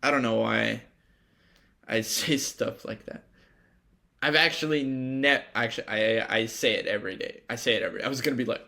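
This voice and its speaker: A man's voice: mid-range voice, moderate pace, vocal fry, sharp tone. A young man hosting a podcast alone, talking casually in a rambling, profane and reflective way. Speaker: podcast host. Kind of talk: casual solo monologue.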